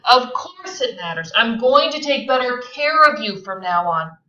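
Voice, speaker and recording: A woman reading aloud as an arrogant rich husband, loud and scornful. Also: a little high, very animated, moderate pace, echoey room, distant mic, lo-fi sound, voice pushed up.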